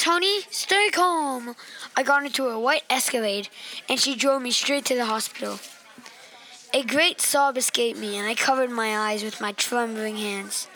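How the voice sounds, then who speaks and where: A woman reading aloud an earnest, expressive personal story. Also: fairly high pitch, slight background noise, low-quality recording.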